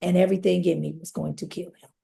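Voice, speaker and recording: A woman's voice: lowish voice, steady tone, quick pace, gravelly, mellow. A woman guest on a podcast, earnestly telling her own life story and speaking straight to the listeners. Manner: earnest, addresses listeners directly. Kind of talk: personal testimony storytelling.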